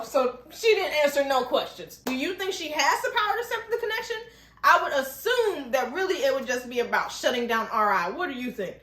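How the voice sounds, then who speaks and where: A woman hosting an animated TV recap with a high, lively voice that swoops up and down. She chats, laughs often and keeps asking rhetorical questions. Her voice echoes around a bare room. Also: fairly quick. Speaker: TV recap host. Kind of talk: casual, animated review.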